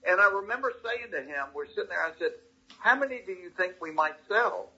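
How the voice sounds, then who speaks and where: A man in his sixties with a thick Southern accent, a comedian telling anecdotes in a folksy, animated way during a casual interview. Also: sits high, brisk, breathy edge, highs cut off. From Georgia, US. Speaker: comedian guest.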